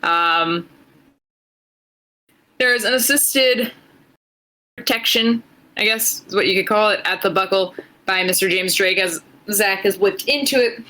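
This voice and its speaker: Bright-voiced woman recapping wrestling. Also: medium pitch, poor audio. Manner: swears casually, quick play-by-play recap. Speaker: podcast co-host. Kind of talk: casual match recap. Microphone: headphones.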